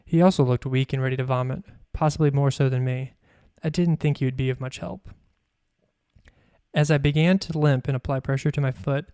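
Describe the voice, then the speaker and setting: A man, a podcast host, reading his own memoir aloud in a measured, even storytelling manner. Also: mid-range voice, clear, resonant tone, no room sound, clean studio sound.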